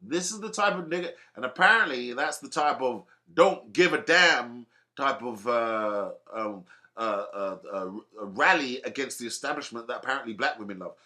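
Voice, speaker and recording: A man's voice: mid-range voice, animated, moderate pace, sharp tone. A man ranting alone to camera, sarcastic and heated, with many restarts and fillers. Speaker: vlogger commenting on boxing. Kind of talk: rambling solo rant to camera.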